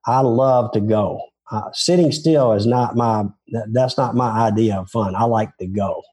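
A man's voice: on the low side, measured pace, a little mellow. An older man from Tennessee with a Southern accent, telling rambling, self-deprecating stories about his golf career in an interview. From Memphis, Tennessee. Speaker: former touring golf pro, interviewee. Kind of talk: casual interview storytelling.

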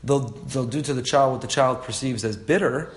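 A man's voice: medium pitch, normal speed. A man teaching a religious class, reading passages and explaining them earnestly, often repeating phrases and chuckling at his own stories. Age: young adult to middle-aged, father of a four-year-old. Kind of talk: Torah class, reading texts and translating.

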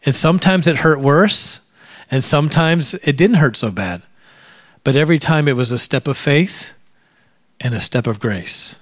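A man's voice: mid-range voice, no echo, clean studio sound. A middle-aged man preaching a sermon, telling a personal testimony and growing emotional, sometimes dropping to a near-whisper. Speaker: pastor.

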